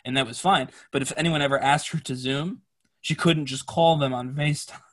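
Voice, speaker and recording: A man co-hosting a podcast in casual chat, emphatic and quick to laugh. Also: fairly high pitch, steady tone, a bit bright. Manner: emphatic, laughs often, incredulous. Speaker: podcast co-host.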